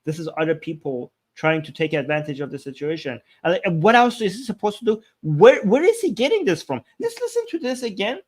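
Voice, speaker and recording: Man, high voice, reaction commentary, incredulous, exasperated, stumbling restarts. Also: big pitch swings. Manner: talks fast with many restarts. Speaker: live stream commentator. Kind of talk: reaction commentary on video clips.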